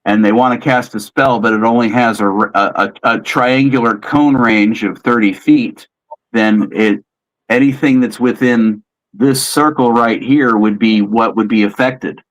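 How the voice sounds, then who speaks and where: A man with a mid-range voice talks through the rules of a tabletop role-playing game in a relaxed chat. He explains patiently and often restarts his sentences as he goes. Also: medium pitch, a little slow, highs cut off. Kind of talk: casual chat.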